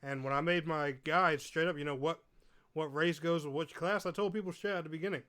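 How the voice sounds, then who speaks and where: A man's voice: a little high, fairly even intonation, a little fast, fairly bright tone. A man co-hosting a gaming podcast, speaking casually in an emphatic, opinionated way. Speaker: podcast co-host. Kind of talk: casual chat about games.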